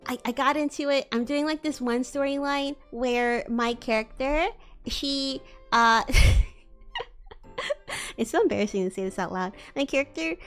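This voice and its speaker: A woman's voice: high-pitched, moderate pace, a bit bright, smooth, faint music behind. A woman streamer chatting casually, rambling and giggly, with many restarts. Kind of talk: casual chat.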